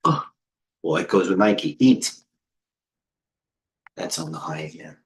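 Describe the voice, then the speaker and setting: Middle-aged male trading coach, low-pitched, loose and excitable, riffs on charts to his viewers. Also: measured pace. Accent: New York. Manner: rambling, excitable, chatty with viewers. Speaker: trading coach hosting a livestream. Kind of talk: casual live market commentary.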